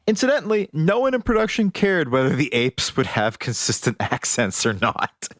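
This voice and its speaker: A man co-hosting a podcast, relating facts in a relaxed chat with wry asides. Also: a little high, moderate pace, no room sound, studio quality. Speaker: podcast co-host. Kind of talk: casual chat.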